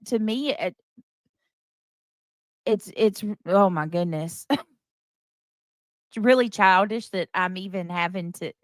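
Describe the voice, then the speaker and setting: A woman's voice: on the high side, a bit bright, no room sound. Exasperated woman host, dry close sound. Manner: exasperated, defensive, repeats herself with restarts. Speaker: live stream host. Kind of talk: casual live stream chat.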